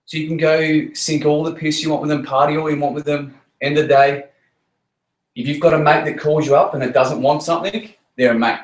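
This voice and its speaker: A man's voice: a little high, steady tone, a little fast. A man giving a blunt, swearing motivational talk to his team in a meeting room, hammering points with repetition. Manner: blunt, repetitive, swears freely, punchy emphasis. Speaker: network marketing team leader. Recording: roomy echo.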